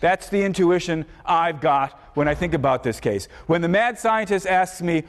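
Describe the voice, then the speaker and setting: Halting male professor in echoey hall. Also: on the high side, expressive. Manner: halting, repeats words, many fillers. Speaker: philosophy professor. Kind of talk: university lecture. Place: large lecture hall.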